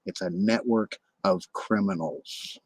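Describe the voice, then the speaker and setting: A man's voice: low voice, takes it slowly, no echo, poor audio. A man ranting on a livestream, bitter and accusatory, swearing constantly and often restarting or repeating his words.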